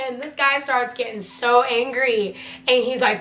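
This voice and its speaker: A woman's voice: high voice, normal speed, fairly bright tone. A young woman telling a story in a casual vlog, chatty and filling her talk with "like" and the odd swear word. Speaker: vlogger. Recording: roomy echo with faint hum.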